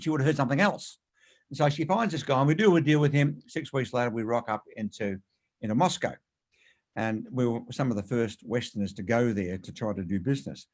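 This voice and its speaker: Male author, rapid storyteller, emphatic, interview guest. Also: medium pitch. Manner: animated anecdotes, quick and emphatic.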